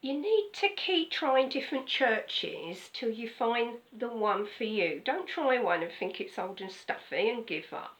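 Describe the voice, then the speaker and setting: A woman's voice: on the high side, big pitch swings, unhurried, hardly any pauses, a bit bright, low-quality recording. An older woman pastor, giving a chatty, conversational sermon with frequent "okay?" asides. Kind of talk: casual sermon.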